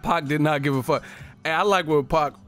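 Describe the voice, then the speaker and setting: A man on a profane, animated comedic rant, laughing often as he talks. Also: a little high, a little fast, faint music behind.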